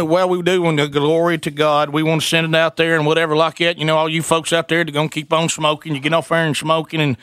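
A middle-aged radio co-host telling a comic story, animated and quick to slip into impressions of the people in it. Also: male voice, on the high side, clear, resonant tone, no room sound, clean studio sound. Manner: animated, breaks into impressions of the people in his stories. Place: radio studio.

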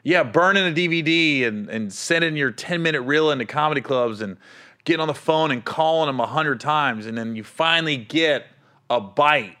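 A man's voice: a little high, normal speed, bright, forceful tone. A man, a touring stand-up comic, telling road stories in casual chat, often laughing and acting out other people's voices.

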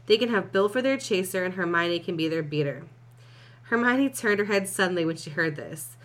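A woman's voice: fairly low pitch, animated, brisk, fairly bright tone. A young woman co-hosting a podcast, reading fan fiction aloud and breaking off to laugh and swear. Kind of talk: casual reading and chat.

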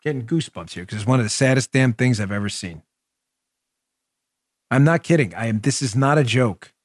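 A man's voice: mid-range voice, lively intonation, brisk, dry recording. Male political talk host, heated and repetitive delivery, recorded dry and close. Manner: emphatic, repetitive, exasperated. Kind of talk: impassioned political monologue.

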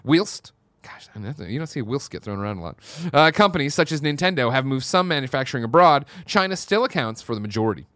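Energetic male news-show host, bright and lively, reading headlines in a dry studio. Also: medium pitch, fast, no room sound. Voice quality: animated, jokey, reads news aloud. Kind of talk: casual news podcast.

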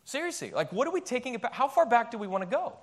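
A male pastor delivers a sermon in a church. His voice sits high and swings widely in pitch. He preaches with emphasis and throws out rhetorical questions. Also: big pitch swings, racing.

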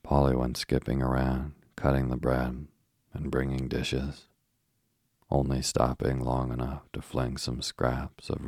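A man narrating a storybook in a low gravelly voice, measured and unhurried. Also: darkish tone, no echo, studio quality. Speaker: audiobook narrator. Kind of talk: storybook reading.

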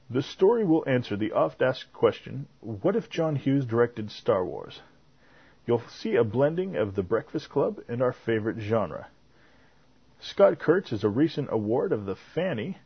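A man with a husky voice hosting a fan podcast, reading the news in a chatty way and fumbling his clips now and then. The audio is dry and slightly muffled. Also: mid-range voice, no echo. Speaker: podcast host.

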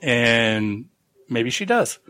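A man's voice: medium pitch, very animated, extremely slow, sharp tone. A man hosting a casual book podcast, recapping a plot in a rambling, profane way with quoted asides. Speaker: podcast host.

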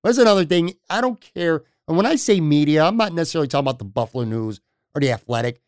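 Smooth-voiced male podcast host. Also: a little high, animated, a little mellow, no echo, clean studio sound. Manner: measured, emphatic, addresses listeners. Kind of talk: casual sports podcast chat.

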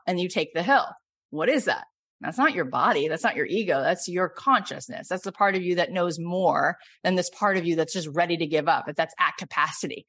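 A middle-aged woman host coaching a caller, telling animated stories and then leading a soft guided meditation. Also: lowish voice, moderate pace. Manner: animated, storytelling, swings between excited and soft.

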